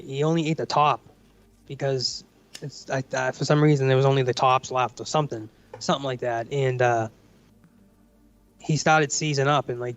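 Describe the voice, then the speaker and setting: A man on a casual livestream telling a rambling story, swearing often and saying bro and dude. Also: mid-range voice. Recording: dry, dull lo-fi mic.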